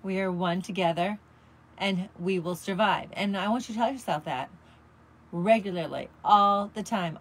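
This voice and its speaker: A woman's voice: mid-range voice, moderate pace, slight background noise. A middle-aged woman hosting a motivational talk show, upbeat and encouraging, breaking into snippets of songs. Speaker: show host.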